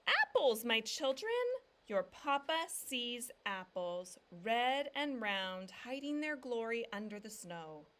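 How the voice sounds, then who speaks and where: A woman's voice: medium pitch, expressive, normal speed, a bit bright, lightly acted. A woman voicing a kindly, wise old father who quotes proverbs and calls out with joy. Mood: overjoyed. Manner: sage, proverb-quoting, exclaiming with joy.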